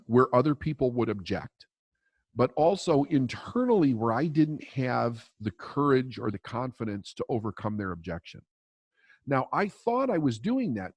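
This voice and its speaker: A man's voice: mid-range voice, breathy edge, dry recording. A man coaching on mindset in a podcast interview, telling a story in a blunt, emphatic way and swearing freely.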